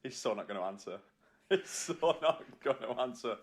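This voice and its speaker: A man co-hosting a podcast in casual chat, joking and teasing and quick to laugh. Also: mid-range voice, lively intonation. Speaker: podcast co-host.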